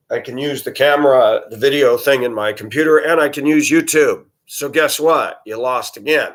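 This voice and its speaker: A man's voice: mid-range voice, normal speed, few pauses. Indignant male vlogger, profane ranting monologue at a computer. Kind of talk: angry monologue to camera.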